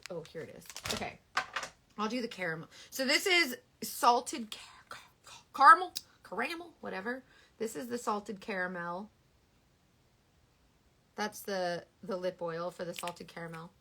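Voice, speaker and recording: A woman's voice: medium pitch, normal speed, pauses often, noisy background. A woman in her thirties chatting casually and animatedly on a live beauty stream. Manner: animated, dramatic, Southern US sayings. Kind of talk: casual chat.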